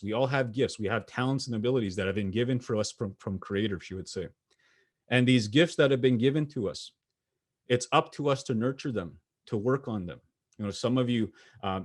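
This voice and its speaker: A young adult man from Canada giving a motivational keynote, telling personal stories in an earnest, pausing way with small restarts. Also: mid-range voice. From Sweetgrass First Nation, Saskatchewan, Canada. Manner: earnest storytelling with pauses and restarts. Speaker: motivational speaker. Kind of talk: keynote speech.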